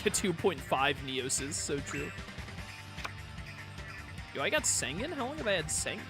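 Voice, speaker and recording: A gaming YouTuber talks his way through a card game in loose, casual commentary. He fires off quick guesses and pokes fun at his own mistakes. Game music plays clearly underneath. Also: mid-range voice, very animated. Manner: quick guessing, self-mocking asides. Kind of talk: casual let's-play commentary.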